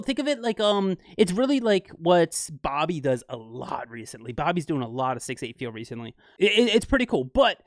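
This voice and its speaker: A man hosting a casual music breakdown, excitably scatting rhythms aloud as he explains them. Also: sits high, brisk, hardly any pauses, no echo, studio quality. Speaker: music reaction host.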